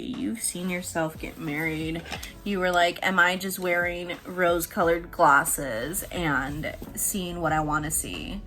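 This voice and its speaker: Excitable woman tarot reader, hushed to squealing, soft music bed. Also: mid-range voice. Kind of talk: casual tarot reading.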